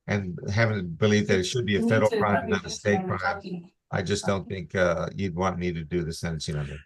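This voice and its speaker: Male judge on a video-call hearing; lowish voice, steady and formal, reads plea warnings. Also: brisk, husky.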